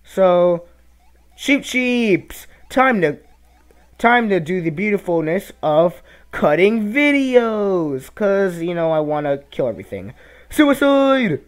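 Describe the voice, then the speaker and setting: A young man giving casual gameplay commentary, reacting loudly to the game and muttering asides. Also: sits high, animated, slow pace. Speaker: let's play commentator.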